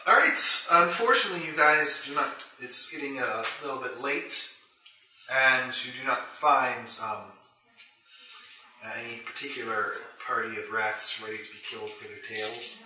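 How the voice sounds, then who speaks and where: A man with a Canadian accent narrating as game master, pausing often with fillers. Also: medium pitch. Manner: hesitant, filler-heavy narration. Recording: echoey room, distant mic, loud noise.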